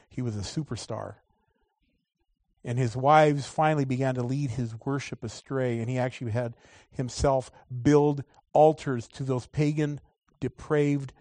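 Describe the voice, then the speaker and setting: A man preaching a sermon, moving between loud, drawn-out emphasis and quiet asides. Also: mid-range voice, no echo.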